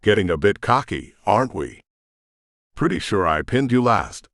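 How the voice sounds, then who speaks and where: A man's voice: lowish voice, sing-song, moderate pace, fairly bright tone, no echo, studio quality. A man reading the lines of a cynical, playful young woman with demon claws in an audiobook. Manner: teasing, playful.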